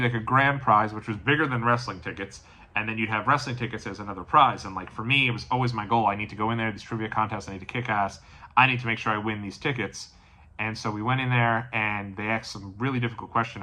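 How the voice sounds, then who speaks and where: Man, 30s, wrestling host. Bright, forceful voice, animated storytelling with quiet asides. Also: medium pitch. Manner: animated, drops to quiet asides, acts out quotes. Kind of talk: casual storytelling tribute.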